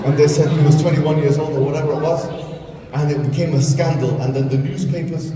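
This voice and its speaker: A man, speaking as a guest to school students, animated and storytelling, often acting out dialogue and questioning the audience. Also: fairly high pitch, fairly quick, recorded from a distance, crowd noise. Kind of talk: lively talk to students. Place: school hall. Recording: echoey hall, voice from afar, background noise.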